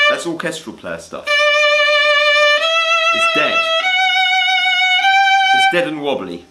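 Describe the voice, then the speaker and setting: A man's voice: medium pitch, big pitch swings, takes it slowly, long pauses, roomy sound, loud music behind the voice. Blunt, opinionated male violin teacher. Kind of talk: demonstrative violin lesson with playing. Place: indoor room with a door. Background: violin playing between phrases.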